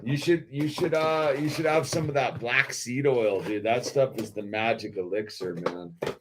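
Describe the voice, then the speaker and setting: A man's voice: mid-range voice, moderate pace, noisy background. A man hosting a toy-building video in a laid-back, slangy way, saying dude a lot. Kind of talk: casual commentary while building.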